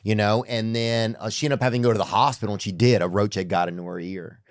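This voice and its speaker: Low-voiced man in rambling casual chat. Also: fairly even intonation, quick pace, no echo, studio quality. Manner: rambling, trailing off, frequent fillers and profanity. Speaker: podcast host. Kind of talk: host-read ad.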